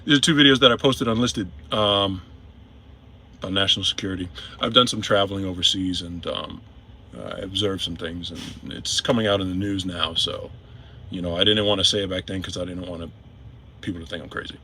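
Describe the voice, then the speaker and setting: A man's voice: sits low, steady tone, a little fast, pushed and bright, slight background noise. A man who drives trucks, talking casually and emphatically to his viewers, repeating his points. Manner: repetitive, emphatic, addresses viewers directly. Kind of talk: casual to-camera monologue. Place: in a vehicle.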